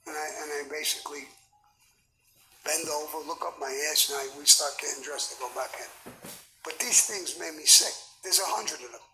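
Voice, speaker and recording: A man's voice: fairly high pitch, moderate pace, slight background noise, low-quality recording. A man, telling blunt, profane stories as an interview guest. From United States. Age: 70s. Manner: blunt, profane, animated storytelling. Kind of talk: storytelling in a sit-down interview.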